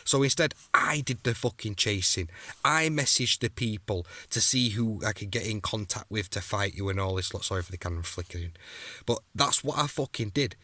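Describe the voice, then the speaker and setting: A man's voice: fairly low pitch, animated, brisk, bright, forceful tone, no room sound. A young man ranting angrily to camera at a rival, aggressive and sweary. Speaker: amateur fighter calling out a rival. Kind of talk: angry rant to camera.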